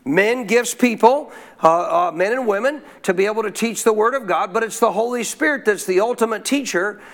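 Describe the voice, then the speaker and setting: A man with a notably high voice preaches to a congregation at a church service. He leaves blanks in his sentences for the crowd to fill in and repeats key lines for emphasis. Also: moderate pace, a bit bright. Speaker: pastor. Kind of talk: sermon.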